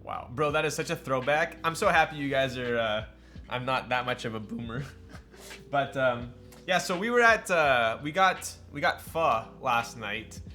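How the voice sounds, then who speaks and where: A man streams live while building a keyboard, chatting casually, joking, answering his chat and laughing often. His mid-range voice is animated, bright and forceful, at a moderate pace, with soft background music.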